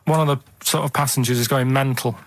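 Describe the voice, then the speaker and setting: A man in a radio studio telling a rambling story in casual banter, halting and flat. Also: medium pitch, dry recording. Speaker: radio show regular.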